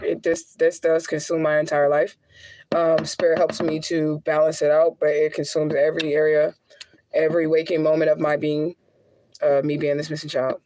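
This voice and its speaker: This woman, a spiritual adviser and vlogger, has a low, slightly mellow voice. She addresses her viewers casually, speaking bluntly and profanely in a chatty manner, and often laughs between heavier remarks.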